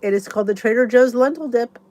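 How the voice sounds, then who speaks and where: A woman's voice: a little high, quick pace, darkish tone, no echo. Chatty woman host rambling to viewers. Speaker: YouTube channel host. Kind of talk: casual chat to viewers.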